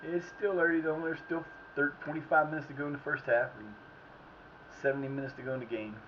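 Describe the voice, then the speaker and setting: A medium-pitched man talks fast while streaming a soccer video game, offering casual commentary and rambling to himself between plays. The sound is slightly muffled, with faint background noise.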